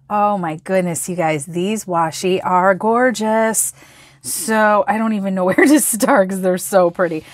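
A woman vlogger gushing over craft supplies, breaking into gasps and delighted exclamations. Her pitch sits in a middle range and she speaks at a slow, lingering pace. The recording is close and dry, with no room echo. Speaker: planner and sticker vlogger. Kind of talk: excited product flip-through.

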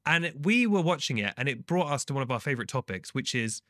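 A man co-hosting a casual chat podcast, playful and quick to act out moments. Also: mid-range voice, no echo, clean studio sound. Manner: playful, animated, mimics others in bursts. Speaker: podcast co-host.

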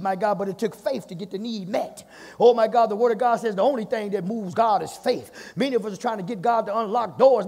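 A male pastor preaching a fiery sermon, punctuating lines with "my God" and swinging between shouts and hushed passages. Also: high voice, slightly rough, big-room sound. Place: church sanctuary.

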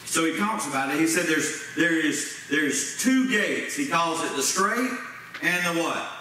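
Heard from a distance in an echoey church sanctuary with faint background noise, a male pastor preaches in a fairly high, pushed, bright voice at normal speed. His style is folksy and plain-spoken, with Southern-style grammar, and he keeps asking the congregation questions.

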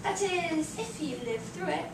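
A woman's voice: very high-pitched, very animated, unhurried, exaggerated voice. A young woman playing a mischievous, cryptic old male wizard in a home-made comedy skit, delivered in a grand, teasing way. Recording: echoey room, distant mic, noisy.

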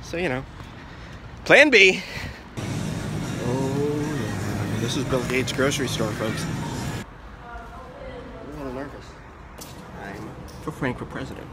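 A man talking to camera outdoors on city streets, joking through a mock presidential campaign with drawn-out, sing-song slogans. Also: medium pitch, very noisy. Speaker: vlogger running a joke presidential campaign. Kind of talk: casual vlog to camera, mock campaign speech.

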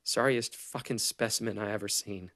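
A man's voice: lowish voice, fairly even intonation, normal speed, fairly bright tone, no echo, clean studio sound. A man reading an audiobook, voicing a cruel young soldier who mocks and taunts in a contemptuous tone.

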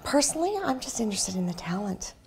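A woman's voice: mid-range voice, sing-song, fast talker, darkish tone, a little hiss or hum. A woman from Canada, a singer chatting casually and upbeat in an interview, often saying "you know".

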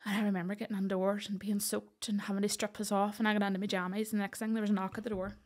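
A Northern Irish woman in her thirties, a podcast guest telling a personal story in an animated way and acting out the voices of the people in it. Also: medium pitch, racing. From Northern Ireland.

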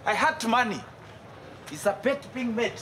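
An earnest, concerned friend. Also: male voice, very high-pitched, moderate pace, noisy background. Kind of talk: TV drama acting.

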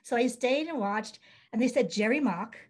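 A woman from Ohio recounts a story in an animated, conversational way, slipping into little performed voices for the people she quotes. Her voice sits a bit high for a woman. She talks casually with plenty of "like" and "I'm like.". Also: normal speed, poor audio. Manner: animated, acts out quoted dialogue. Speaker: children's book author.

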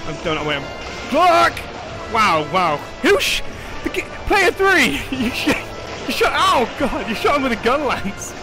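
A high-pitched young man commenting on his game as he plays, excitable and foul-mouthed, joking and shouting at his teammates. Clear game music plays loudly behind him. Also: measured pace. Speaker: gaming channel host. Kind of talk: live gameplay commentary.

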